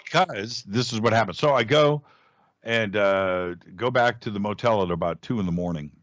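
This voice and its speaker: Low-voiced man telling an animated story. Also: moderate pace, no echo. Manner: animated storyteller, jumps up in pitch when acting out quoted speech, frequent restarts. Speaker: guest, radio host. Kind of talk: casual storytelling in a podcast interview. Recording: dull, dry lo-fi audio.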